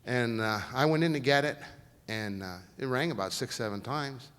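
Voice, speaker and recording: A man's voice: mid-range voice, moderate pace, clear, resonant tone. Middle-aged man, folksy storyteller, lecture hall reverb. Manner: folksy, lively, acts out quoted voices. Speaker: guest speaker.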